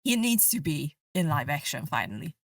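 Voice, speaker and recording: A woman's voice: low voice, sing-song, moderate pace, vocal fry, dry recording, clean studio sound, recorded from a distance. A woman co-hosting a casual podcast, gushing as a fan with many fillers. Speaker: podcast co-host.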